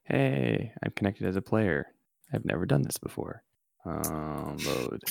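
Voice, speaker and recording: A man's voice: low voice, big pitch swings, a little slow, creaky, darkish tone, a little hiss or hum. A man playing in a tabletop game session, easygoing and helpful with the setup. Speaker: player.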